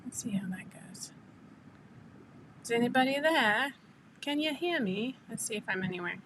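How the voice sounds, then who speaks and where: A woman's voice: on the high side, moderate pace, pauses often, sharp tone, slight background noise, poor audio. A middle-aged woman hosting a casual livestream, chatty and laughing often as she greets viewers by name over a computer mic. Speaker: livestream host.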